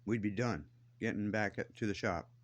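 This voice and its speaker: With a voice on the low side and a normal speaking speed, a vlogger rants at the camera. He is angry, blunt, and defiant, swearing a lot while listing what he's fed up with.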